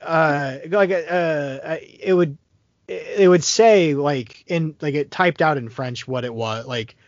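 A man talks through a film's plot in a loose, rambling way, full of ums and restarts. His voice sits a bit high for a man. The recording is dry and somewhat dull, with little room sound. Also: takes it slowly, dry recording. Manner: rambling, many fillers and restarts. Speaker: podcast co-host. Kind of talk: casual movie discussion.

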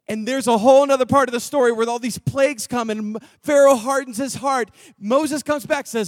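High-voiced preacher from Texas. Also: male voice, steady tone, moderate pace, few pauses, no room sound, clean studio sound. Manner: casual, slangy storytelling with freewheeling asides. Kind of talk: sermon with a prayer and storytelling. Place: church gathering room.

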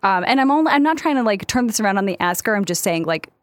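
A woman co-hosts a casual advice podcast, reflecting carefully and encouraging her partner. She speaks at a middle pitch, neither high nor low. The recording is dry and close. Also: animated, quick pace, dry recording. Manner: warm-hearted, thoughtful, complimentary. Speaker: podcast co-host.

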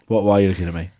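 A man's voice: low voice, dark tone. A man co-hosting a casual film podcast, jokey and playful during a quiz. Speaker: podcast co-host, quiz player. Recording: noisy recording.

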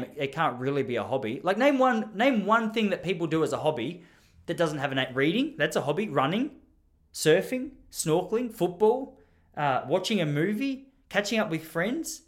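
A young man with an Australian accent telling a comic story in a rambling, self-mocking way, as a podcast host. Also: high-pitched.

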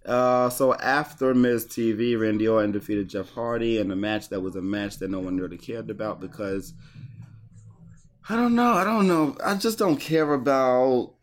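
A man hosting a podcast, recapping wrestling in rambling casual chat full of restarts. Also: on the low side. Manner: rambling, stumbling restarts, quick to laugh.

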